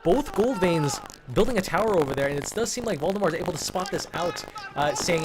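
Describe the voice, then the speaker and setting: A man's voice: fairly high pitch, lively intonation, a little fast, heavy background noise. A man giving casual live commentary on a strategy game tournament, rambling and restarting words as he goes. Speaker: caster. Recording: music playing behind.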